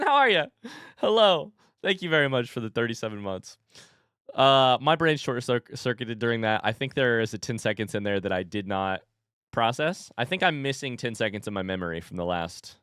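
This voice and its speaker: A man in his thirties talks loosely to his stream chat, jumping between jokes and stories as he reads comments aloud. His voice is clean and smooth, at an everyday pitch. The sound is dry and close, with no room echo. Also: fairly bright tone. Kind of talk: casual live-stream chat.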